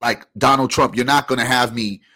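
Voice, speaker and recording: A man co-hosting a podcast in casual chat, speaking emphatically and pushing his pitch up sharply to drive points home. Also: fairly even intonation, a little fast, sharp tone. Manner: emphatic, rising to high pitch when making a point. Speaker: podcast co-host.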